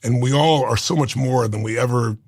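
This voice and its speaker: A man's voice: mid-range voice, fairly quick, darkish tone, no echo, studio quality. A man in his sixties telling an emotional personal story as an interview guest, earnest and intense. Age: 60s. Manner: earnest, intense, rough gravelly voice, moved to tears.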